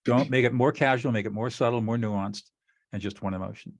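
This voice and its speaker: Here a man with a medium-pitched voice talks fairly quickly while co-hosting a discussion about relationships. Methodical and sincere, he walks through a technique and role-plays sample exchanges to teach relationship skills.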